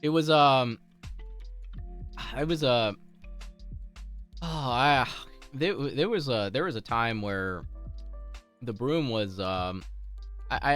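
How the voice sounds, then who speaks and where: Lively, laughing male streamer. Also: mid-range voice. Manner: rambling, laughs often, many restarts. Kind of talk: casual chat with stream chat.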